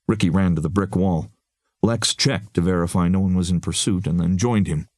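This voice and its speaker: Low-voiced man reading a story aloud. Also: moderate pace, darkish tone, no room sound, clean studio sound. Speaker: audiobook narrator. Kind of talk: scripted narration.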